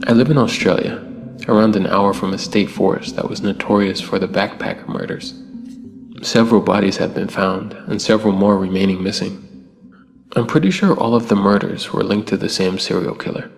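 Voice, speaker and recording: Male story narrator, low and gravelly, calm delivery, long reverb and light music. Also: a little fast. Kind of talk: scripted narration.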